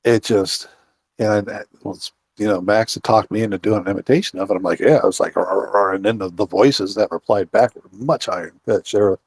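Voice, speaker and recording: Low-voiced rambling man telling a story. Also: brisk, slightly rough, dry recording. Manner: rambling, full of fillers and restarts. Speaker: guest, outdoorsman and Bigfoot researcher. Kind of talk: casual storytelling interview.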